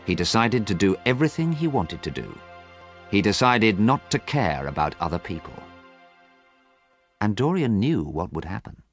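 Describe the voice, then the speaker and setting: A man narrating a simple storybook in a clear, measured reading. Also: on the low side, sing-song, soft background music. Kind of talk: scripted audiobook narration.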